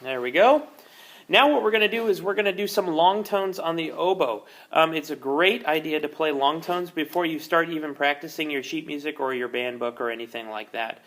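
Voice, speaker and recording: A man's voice: a little high, a little fast, fairly bright tone, slight background noise. A man leading an oboe lesson, explaining each step patiently with frequent ums. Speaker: oboe teacher. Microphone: camera mic, repositioned during video.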